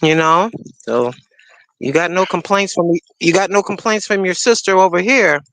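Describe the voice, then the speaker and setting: A woman's voice: lowish voice, moderate pace, fairly bright tone, low-quality recording. A woman chatting casually on a livestream while she waters her garden, rambling and cooing to her cat. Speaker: livestream co-host.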